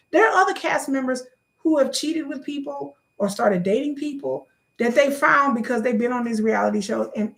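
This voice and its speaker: A woman chatting casually to her viewers, gossipy and animated, jumping into high exclamations. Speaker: YouTuber. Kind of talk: casual chat to camera.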